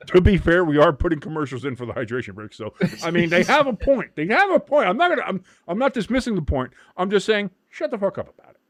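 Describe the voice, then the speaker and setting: A man's voice: sits high, fast, no echo. A man from the United States hosting a casual watch-along stream, explaining the game and cracking profane jokes. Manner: profane, joking, animated. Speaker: host.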